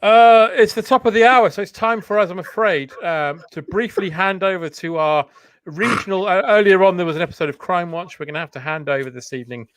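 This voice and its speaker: A man's voice: high voice, fairly quick, a bit bright, dry recording. A man co-hosting a comedy podcast, riffing playfully in casual banter. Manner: riffing, playful, mock-broadcaster asides.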